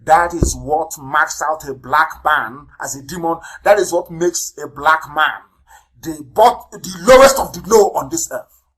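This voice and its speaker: A Nigerian-accented man delivers a heated live radio address. He hammers points home by repeating words. His voice jumps from loud outbursts to low, muttered asides. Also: a little slow, low-quality recording. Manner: fiery, denouncing, emphatic repetition. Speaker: political leader broadcasting on radio.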